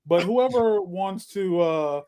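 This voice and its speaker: High-voiced joking man on a podcast. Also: takes it slowly, smooth. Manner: animated and joking, with loud announcer-style bursts. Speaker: podcast co-host. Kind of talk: casual podcast chat.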